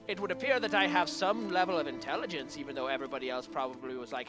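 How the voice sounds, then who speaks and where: A man giving goofy, rambling commentary while playing a video game, talking to the creatures on screen and yelling now and then. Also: on the high side, fairly even intonation, quick pace, hardly any pauses, music in the background. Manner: goofy, talks to game creatures, sudden yells. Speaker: gameplay video host. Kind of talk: let's play commentary.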